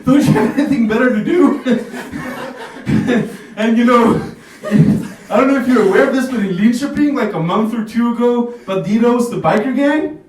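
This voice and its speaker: A man's voice: extremely high pitch, moderate pace, darkish tone. A man from Bosnia performs stand-up comedy in a small café. He talks casually and keeps laughing at his own jokes. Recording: echoey café from far off.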